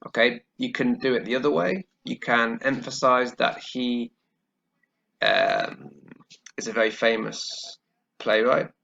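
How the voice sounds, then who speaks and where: A male English teacher walks through a grammar lesson at an unhurried pace, checking in with "okay" after almost every step. His voice has a gravelly, creaky edge. The recording is dull and lo-fi, with keyboard typing and clicking behind him. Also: medium pitch, very animated, pushed and bright. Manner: slow, careful explaining with frequent "okay" checks. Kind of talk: grammar lesson while writing on screen.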